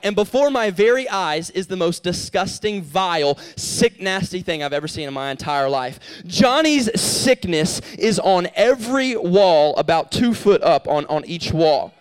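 A young man delivers a youth sermon in a high, light voice. He tells a story with animated energy, pushing his voice up when he acts out the characters, then drops into earnest preaching. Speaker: youth pastor.

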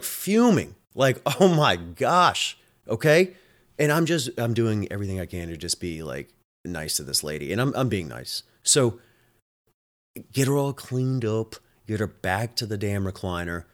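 A man hosting his own show, a home health nurse telling a work story in a casual, exasperated way, often swearing. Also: fairly low pitch.

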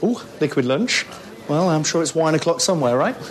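A man's voice: a little high, animated, fairly quick, close to an everyday voice. A man playing a chirpy, overfamiliar waiter. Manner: perky, chummy small talk.

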